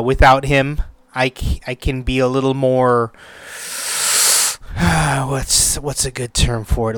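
A man's voice: medium pitch, fairly bright tone, clear, resonant tone, dry recording. A young man hosting his own podcast, talking loosely with lots of fillers, restarts and the odd swear word. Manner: rambling, many fillers and restarts, casual swearing. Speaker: podcast host. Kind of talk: casual solo podcast talk.

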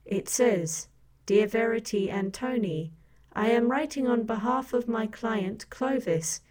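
A woman co-hosting a comedy podcast, speaking in a formal, prim, deadpan manner. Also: on the high side, unhurried. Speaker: podcast co-host and assistant. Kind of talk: scripted comic deadpan.

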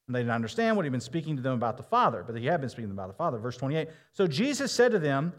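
A man preaching a sermon, reading scripture aloud and slowing down to stress key phrases. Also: mid-range voice, sing-song. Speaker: pastor.

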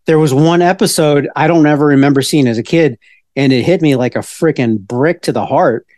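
A man in his forties co-hosting a casual pop-culture podcast, telling stories in an excitable, rambling way with many restarts. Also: fairly high pitch, brisk, no echo, clean studio sound. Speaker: podcast co-host.

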